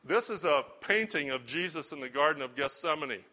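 Preaching in a slightly high, expressive voice that is brisk, bright and forceful, a middle-aged pastor delivers an earnest, conversational sermon. He keeps asking his congregation rhetorical questions.

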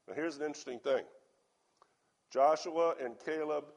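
A man with a hoarse voice preaching a sermon, reading scripture aloud and asking his listeners earnest questions. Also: on the high side, normal speed, pauses often, a little mellow.

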